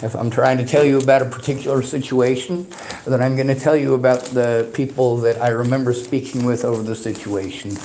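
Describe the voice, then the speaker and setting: Man, mid-pitched, rambling and aggrieved, speaking into a phone during a live call, faint hiss behind. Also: steady tone, brisk, warm tone. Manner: rambling, aggrieved, talks in long runs. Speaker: activist reporting on police. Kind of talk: casual phone conversation, livestreamed.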